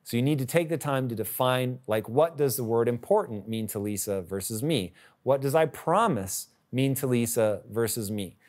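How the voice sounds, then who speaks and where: A man's voice: mid-range voice, animated, moderate pace, few pauses, a little mellow. A man hosting a podcast, giving blunt, emphatic advice and swearing casually. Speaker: podcast host. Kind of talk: candid advice talk.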